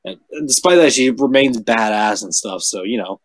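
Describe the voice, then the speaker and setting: A man's voice: mid-range voice, lively intonation, normal speed, dry recording. A man chatting casually about comic heroes on a podcast, rambling with lots of fillers and swearing. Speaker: podcast host. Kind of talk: casual chat.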